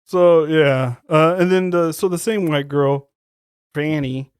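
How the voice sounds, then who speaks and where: A man's voice: a little high, a little mellow, clear, resonant tone, no echo, studio quality. A man co-hosting a podcast, recapping a film in loose, profane casual chat. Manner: loose, profane movie recap with quick quoted voices. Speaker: podcast co-host.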